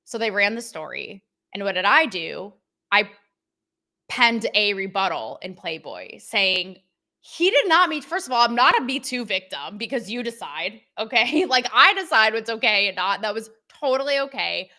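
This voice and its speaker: A woman's voice: mid-range voice, sing-song, moderate pace, sharp tone. A woman hosting a livestream show, talking bluntly and sarcastically to her chat. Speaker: show host.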